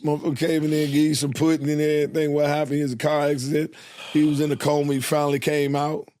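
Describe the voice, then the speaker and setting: A man's voice: on the high side, flat delivery, fast talker, background noise. A man talking as a guest comedian on a podcast, laid-back and profane as he tells stories. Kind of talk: casual chat.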